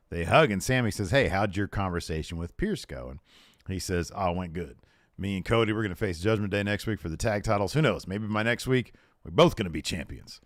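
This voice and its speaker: A man with a very low voice talks through last night's wrestling show in a loose, chatty podcast way. He retells backstage scenes by quoting each wrestler and laughs easily. The sound is dry and close, with no room around it. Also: lively intonation, brisk, no room sound. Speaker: podcast co-host. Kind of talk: casual recap of a wrestling show.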